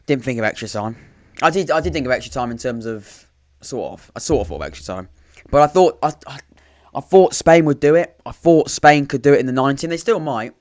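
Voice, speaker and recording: Brisk, with few pauses, his mid-range voice has a darkish tone and lively intonation. At home, this podcast host leads a live football watchalong, rambling through casual commentary and chat. He keeps stopping and restarting, dropping dry sarcasm between pieces of play-by-play.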